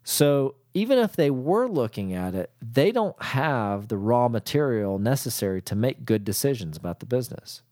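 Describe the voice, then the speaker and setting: A man's voice: medium pitch, very animated, normal speed, few pauses, darkish tone, dry recording, studio quality. A man who works as a CPA, talking bluntly and casually to small business owners and acting out both sides of his calls with clients. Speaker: CPA and accounting firm owner.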